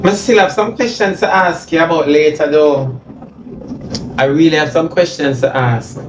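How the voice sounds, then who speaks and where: A man with a Jamaican accent and a slightly high voice rants into a phone on a livestream at a moderate pace, mocking, repetitive, and confrontational. The room is echoey, with faint noise.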